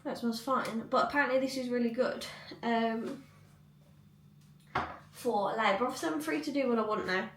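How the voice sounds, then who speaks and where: A woman's voice: a little high, moderate pace, a bit bright, echoey room, distant mic, a little hiss or hum. A young woman vlogging in casual chat at home, rambling, with lots of likes and ums. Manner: chatty, rambling, many fillers. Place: cluttered home room.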